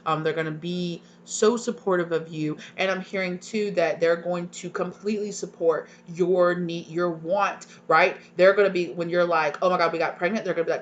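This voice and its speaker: Brief: young woman tarot reader, low-ish voice, effusive and tearful, faint hum behind. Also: moderate pace, hardly any pauses. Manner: emotional, gushing, many fillers and repeated "right?". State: tearful at times. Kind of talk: live tarot reading to viewers.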